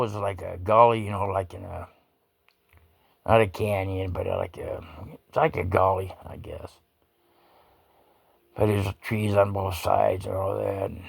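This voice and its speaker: A man's voice: on the low side, gravelly, no room sound, studio quality. A man rambling through a personal anecdote in a salty, folksy way, swearing casually and often restarting his sentences. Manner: salty, profane, folksy talk with many restarts. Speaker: storyteller.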